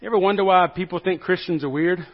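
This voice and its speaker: A male pastor with a fairly high voice delivers a relaxed, joking sermon in a church, tossing questions out to his congregation. The recording sounds dull and lo-fi. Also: fast.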